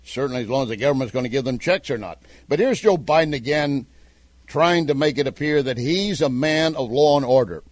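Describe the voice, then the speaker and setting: A man's voice: mid-range voice, no room sound. A man with a Southern American accent hosting a talk radio show, reading sponsor spots and giving emphatic commentary. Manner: emphatic, repeats phone numbers slowly.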